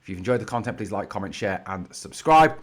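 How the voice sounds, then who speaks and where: A man's voice: fairly low pitch, expressive, fast, heavy background noise. A man hosting his own football fan channel, giving heated, blunt solo commentary scattered with "you know".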